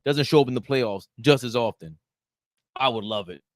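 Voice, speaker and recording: Animated man ranting on a live stream. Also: mid-range voice, moderate pace, no room sound, clean studio sound. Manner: animated, ranting, bantering with the chat. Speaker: show host reading live chat comments. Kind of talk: casual live-stream sports talk.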